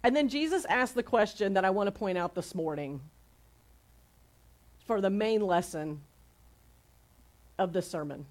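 A woman's voice: medium pitch, measured pace, pauses often, a little mellow. Casual, conversational woman preaching a sermon. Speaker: pastor.

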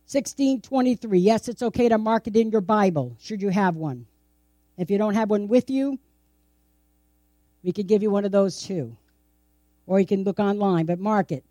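A woman's voice: mid-range voice, moderate pace, long pauses, mellow, no echo, clean studio sound. A woman preaching a sermon in a conversational, playful way, tossing out rhetorical questions and laughing often. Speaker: pastor. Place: church.

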